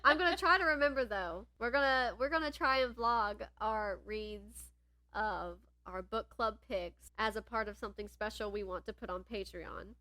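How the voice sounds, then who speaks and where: A woman's voice: mid-range voice, normal speed, sharp tone, dry recording. A woman co-hosting a podcast in casual chat, rambling and laughing often. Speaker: podcast co-host.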